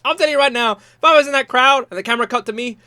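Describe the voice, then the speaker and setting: A man's voice: very high-pitched, very fast, bright, forceful tone, no room sound, studio quality. A young British man hosting a reaction video, gushing and exclamatory, often breaking into laughter. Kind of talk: casual reaction commentary.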